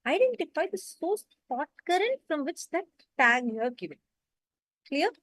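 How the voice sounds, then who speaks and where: A woman's voice: high-pitched, sing-song, moderate pace, fairly bright tone, dry recording, rough recording. A woman leading an online spiritual class, giving patient step-by-step instructions and often checking that everyone understands. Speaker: meditation session facilitator.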